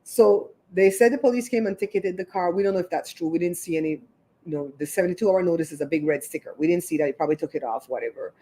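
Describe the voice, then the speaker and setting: Woman host, lowish voice, rambling chatty storyteller on a livestream. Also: fast, dark tone. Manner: chatty, rambling retelling full of asides. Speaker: show host.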